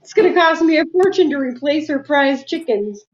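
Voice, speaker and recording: A high-pitched woman chats on a relaxed livestream, reading out viewer comments and laughing along the way. The sound is dull and lo-fi, like streamed audio. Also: moderate pace, noisy background. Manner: reads viewer comments aloud, laughs often. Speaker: livestream quilting host. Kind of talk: casual livestream chat.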